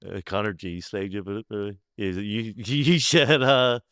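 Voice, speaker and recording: A man's voice: on the low side, normal speed, fairly bright tone, clean tone, no echo, clean studio sound. A man with a Belfast accent hosting a podcast, chatting casually, swearing and laughing easily. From Northern Ireland. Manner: laughs easily, swears, stammers with repeated words. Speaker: podcast host. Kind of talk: casual chat.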